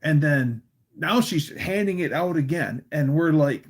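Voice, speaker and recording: A man's voice: on the high side, animated, a little slow. A man hosting a casual livestream, telling a story in a rambling way full of fillers and restarts. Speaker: livestream host.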